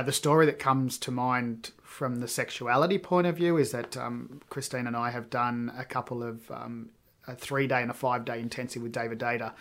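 A man's voice: mid-range voice, a bit bright. Rambling male podcast host. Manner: rambling storyteller, many ums. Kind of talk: casual interview chat.

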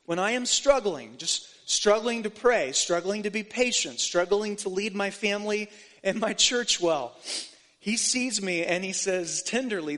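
A man's voice: high-pitched, animated, slow, fairly bright tone. A male pastor preaching a sermon to his congregation, asking them questions and building to fervent emphasis, often restarting his words. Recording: long hall reverb.

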